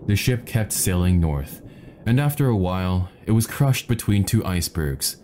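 A man reading a fable aloud in a measured, deliberate way. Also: low-pitched, lively intonation, warm tone, slight background noise. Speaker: narrator. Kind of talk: scripted narration of a fable.

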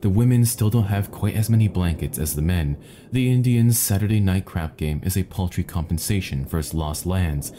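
A smooth, placating male third mate coaxes the crew, as a man reads him. The voice sits low and mellow, the delivery calm and persuasive. A storybook telling. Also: moderate pace, a little hiss or hum, lightly acted.

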